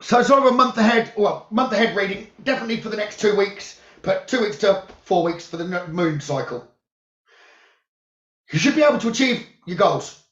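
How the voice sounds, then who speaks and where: A man who works as a psychic medium, giving calm, soothing spiritual guidance about the new moon, crystals and journaling. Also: high-pitched, brisk. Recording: roomy, dull lo-fi sound.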